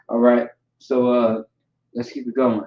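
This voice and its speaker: A man giving an informal vocabulary lesson, repeating each word slowly and checking in with "all right" and "okay". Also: mid-range voice, little pitch movement. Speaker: language teacher. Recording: echoey room, dull lo-fi sound.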